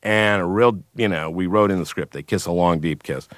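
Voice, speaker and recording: A man, a guest comedian, telling anecdotes in a radio interview, with halting restarts and chuckles. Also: low-pitched, dry recording, clean studio sound.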